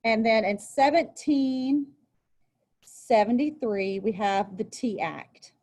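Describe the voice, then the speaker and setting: A woman teacher reads a passage aloud and then talks it through in a relaxed, chatty way. Her voice sits a little high, and she takes her time over each phrase. She sounds like she is working at a desk with a workbook in front of her. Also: slow. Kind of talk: recorded history lesson.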